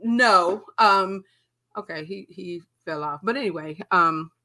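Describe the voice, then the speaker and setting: Her pitch fairly low and her pace measured, a young woman co-hosting a podcast tells a casual story, cursing freely and performing people's words in an animated way.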